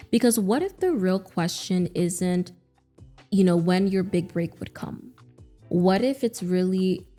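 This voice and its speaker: A woman hosting a commentary show, speaking in a reflective, measured way. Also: lowish voice, mellow. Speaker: host.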